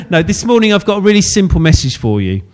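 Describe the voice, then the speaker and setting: A male preacher delivers a sermon in a relaxed, chatty way. He jokes at his own expense and laughs often. His voice sits a little high for a man.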